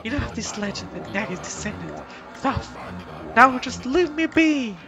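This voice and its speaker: A woman voicing a brooding, reluctant male warrior who laments his fate in a low, gloomy tone. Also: big pitch swings, moderate pace, creaky, highs cut off. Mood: defiant. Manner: gloomy, self-pitying lament. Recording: game music playing behind.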